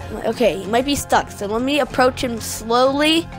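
A high-pitched woman talks through her gameplay in an excitable, casual way. She keeps retelling the action by quoting her own reactions, and music plays clearly behind her. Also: a little slow. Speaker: gaming video creator.

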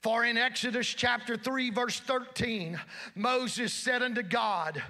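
High, bright-voiced preaching man. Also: unhurried. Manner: emphatic preaching, building to shouts. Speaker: pastor. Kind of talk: sermon. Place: church service.

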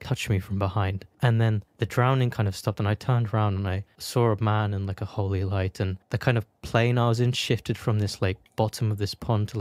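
Low-voiced man giving halting testimony. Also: darkish tone, no echo. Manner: halting, searching storytelling. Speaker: guest. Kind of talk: personal testimony.

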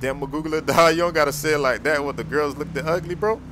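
Excitable young male gamer, street slang, role-play commentary over noisy game sound. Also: fairly high pitch, quick pace. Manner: loud excitable slang-heavy street talk. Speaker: gaming YouTuber playing a character.

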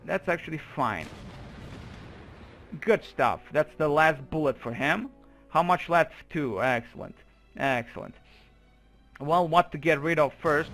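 A man's voice: on the high side, a bit bright. A young man giving profane, exasperated running commentary while playing a strategy game. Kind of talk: let's play commentary.

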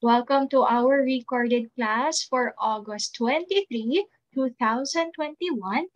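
A woman teaching a recorded preschool class, speaking in a slow, sing-song voice with rising questions to small children. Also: fairly high pitch, dull audio.

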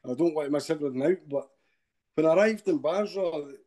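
A Scottish man, middle-aged, tells his story as a podcast guest in a mellow, dark voice that sits a little high for a man. He rambles from one point to the next and keeps tagging his lines with a questioning "eh?". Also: fairly quick. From Scotland. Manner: rambling retelling with frequent tag questions.

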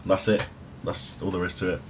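Lowish male, deadpan self-mocking food vlogger, phone mic, faint room noise. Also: fairly quick. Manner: dry, offhand, self-mocking. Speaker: food reviewer. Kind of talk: casual food review vlog. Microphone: overhead phone camera.

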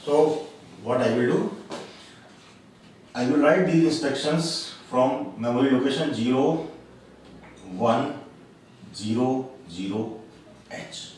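Slow, deliberate male lecturer in an echoey room. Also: medium pitch, a little mellow. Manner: slow, deliberate explaining with frequent pauses and uh fillers. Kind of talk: recorded classroom lecture. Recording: very echoey room, voice from a distance, faint background noise.

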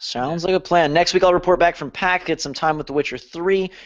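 A man's voice: on the high side, fairly quick. Upbeat man hosting a gaming podcast. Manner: upbeat, promotional sign-off. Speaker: podcast host. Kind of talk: casual gaming podcast chat. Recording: dull lo-fi audio.

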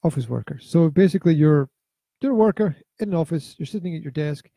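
A man's voice: a little high, expressive, fast, gravelly, dark tone, dry recording. A middle-aged father chatting casually as a podcast co-host, rambling and repeating his words with hesitant fillers. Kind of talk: casual chat reviewing a VR game.

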